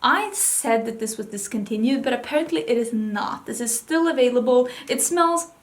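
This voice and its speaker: A chatty woman with a slightly high voice, talking through her used-up beauty products. She rambles a little and slips into hushed asides now and then. She sounds like a casual beauty vlogger. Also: animated, moderate pace. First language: Swedish.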